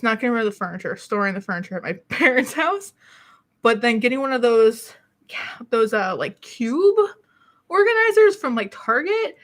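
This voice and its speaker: A woman vlogging from a small city apartment, talking in a loose, rambling, self-mocking way. Her voice sits a touch high, and she is a little out of breath with the odd cough. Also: fairly bright tone. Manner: rambling, self-deprecating, laughs often. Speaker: beauty YouTuber. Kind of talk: casual chatty vlog.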